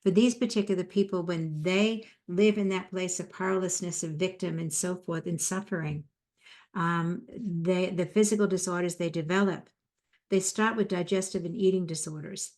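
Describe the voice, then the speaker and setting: Her voice sits on the low side, steady and a little mellow, at a normal pace. She's a psychotherapist and speaker in her fifties or older, giving a motivational talk in a chatty way and sharing personal stories.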